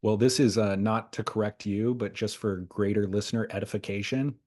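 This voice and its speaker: A man's voice: on the low side, steady tone, fairly quick, a little mellow. A man co-hosting a podcast in casual chat, chatty and a little pedantic. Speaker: podcast co-host.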